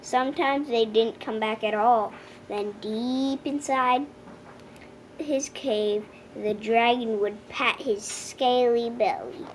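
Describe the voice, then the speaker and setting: A woman narrating a children's storybook aloud with slow, expressive storytelling. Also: a little high, slight background noise. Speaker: storybook reader.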